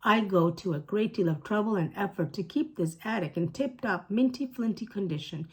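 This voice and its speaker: A fussy spider lady with a squeaky, indignant, proper way of speaking, as a woman reading a storybook puts her on. Her high squeak still carries a slightly husky edge. She sounds like she is scolding from a storybook page. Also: expressive, moderate pace, a little mellow. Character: fussy, prim female attic spider.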